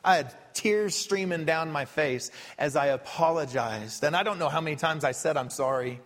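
Male pastor, higher-pitched, animated storytelling sermon, long church reverb. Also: normal speed. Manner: animated storytelling, voice rising and falling. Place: church sanctuary.

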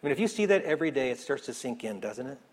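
A man preaching a sermon as pastor in a church, earnest, rising to emphasis then dropping soft. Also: medium pitch, sing-song, racing. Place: church sanctuary. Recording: echoey hall.

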